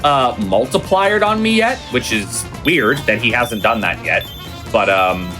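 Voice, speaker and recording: Man, speedrun commentary, rambly with lots of ums, animated pitch, game music behind. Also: a little slow. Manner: rambling storyteller, many fillers. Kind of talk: casual live commentary while playing.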